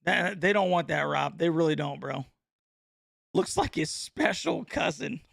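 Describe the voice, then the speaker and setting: A man, hosting a casual live-stream reaction chat in an excitable, slangy way, laughing often and calling everyone bro. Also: on the high side, measured pace, vocal fry, no room sound, clean studio sound. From North Carolina.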